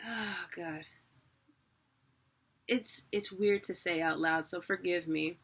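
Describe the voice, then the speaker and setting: A woman's voice: fairly low pitch, slow pace, fairly bright tone, slightly rough. A young woman giving a casual, chatty video lesson on poetry rhythm, laughing at herself and checking that viewers keep up. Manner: chatty, self-deprecating, laughs often. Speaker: online teacher.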